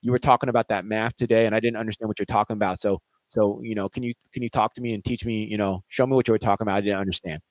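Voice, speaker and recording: A frustrated teenage schoolboy blurts out his grievances in halting, rambling bursts, repeating "you know" as he goes, as a man retells him in his own slightly low voice. The sound is dry and close. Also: fairly even intonation, dry recording, lightly acted, rough recording. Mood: asking. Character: angry teenage boy student venting.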